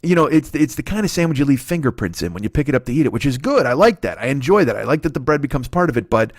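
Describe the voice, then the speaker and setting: A man in his forties hosting a comedy podcast, telling a story in a profane, animated, exaggerating way. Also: medium pitch, very fast, no echo, clean studio sound. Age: 40s.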